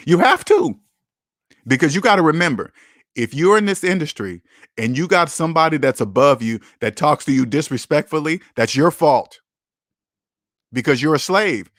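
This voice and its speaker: A man's voice: on the high side, animated, normal speed, long pauses, fairly bright tone, no echo, studio quality. A man hosting a casual livestream, talking bluntly and emphatically, with profanity and lots of repetition. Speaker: livestream host.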